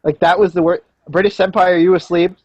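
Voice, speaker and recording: A young man hosts a casual call with friends, his voice a little high for a man. He rambles in a joking, sarcastic way. The sound is dry and close. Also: fairly even intonation, quick pace, darkish tone, slightly rough, no echo, highs cut off. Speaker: podcast host. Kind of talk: casual group chat over a voice call.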